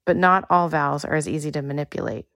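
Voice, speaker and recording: Low-voiced woman with a soft Texan accent. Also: no echo. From Texas. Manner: measured, storytelling delivery. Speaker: reporter and narrator. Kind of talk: scripted narration.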